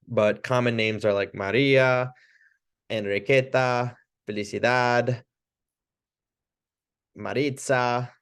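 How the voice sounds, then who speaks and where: A man teaching a casual training session, talking loosely with restarts and short laughs. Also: fairly low pitch. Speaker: chiropractic trainer.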